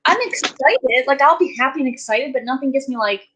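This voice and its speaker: A woman's voice: sits high, brisk, fairly bright tone, a little hiss or hum, poor audio. A woman telling stories in a casual chat, ranting animatedly with lots of fillers.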